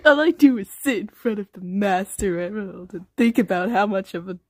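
A woman's voice: mid-range voice, fairly quick, dry recording. A woman reading comic dub lines in a mock-dramatic, self-pitying way.

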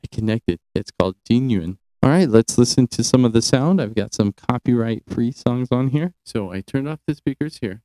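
A man giving a casual, chatty product review from a quiet small room, easily impressed, speaking into a cheap wireless handheld mic. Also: mid-range voice, expressive, moderate pace, hardly any pauses, dry recording, low-quality recording. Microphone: the reviewed unit's wireless handheld mic.

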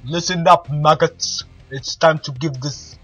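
A man voicing a bossy male army drill sergeant who shouts orders at recruits. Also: on the high side, steady tone, measured pace. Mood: barking orders. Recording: dull lo-fi with faint music.

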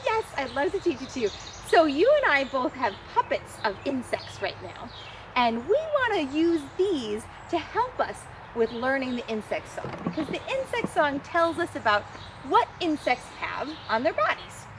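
A woman's voice: high-pitched, sing-song, moderate pace, noisy background. A young adult woman, a nature educator, explaining insect body parts to children in a friendly teacherly way.

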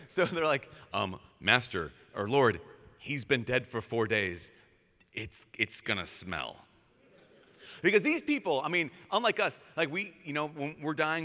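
A man, a priest, giving a lively storytelling talk with casual fillers, acting out quotes in changing voices. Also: a little high. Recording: live talk with long hall reverb.

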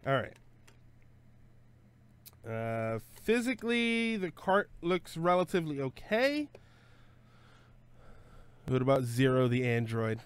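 A man's voice: medium pitch, sing-song, takes it slowly, pauses often, smooth, no echo. A man hosting a casual live stream, thinking aloud, joking and correcting himself with lots of fillers. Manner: self-correcting with frequent fillers. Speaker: streamer host.

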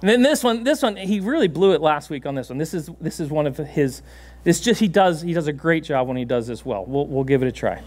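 High-voiced pastor preaching with a dog. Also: male voice, brisk. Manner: animated, laughing often, coaxing the dog with commands. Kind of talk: sermon with a live dog demonstration. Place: church sanctuary.

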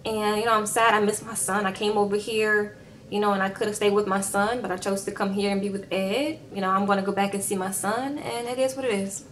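Soft sad resigned lady, a woman mimicking her, subdued. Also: mid-range voice, fairly even intonation, a little fast, distant mic, a little hiss or hum, close to an everyday voice.

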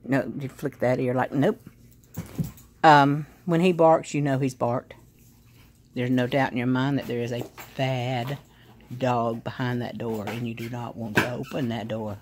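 A woman's voice: extremely low pitch, flat delivery, a little slow, a little hiss or hum. Woman calling out to her dog. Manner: bubbly sing-song commands and praise to a dog. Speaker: vlogger filming her dog. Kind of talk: casual home video chat. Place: living room at home, on a sofa. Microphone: phone camera.

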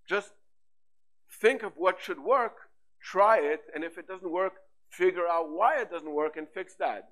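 A man giving a talk at a tech conference, his voice sitting a little high. He talks in a lively, rhetorical way, asking questions and answering them himself. His delivery is full of fillers and restarts. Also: moderate pace, rough recording. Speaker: conference speaker. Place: conference hall.

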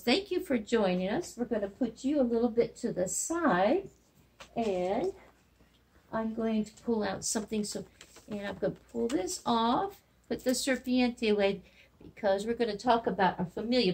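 A woman's voice: on the high side, breathy edge. A woman teaching a remote Spanish lesson to young children, in a sing-song, encouraging way, repeating words for them to learn.

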